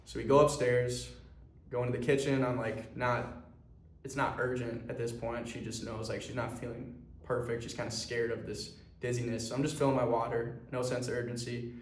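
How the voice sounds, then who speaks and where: A man's voice: medium pitch, level tone, moderate pace, a little hiss or hum. A young man talking earnestly to camera in a rambling way, with plenty of fillers. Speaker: clothing brand founder. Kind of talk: personal vlog monologue. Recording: echoey room.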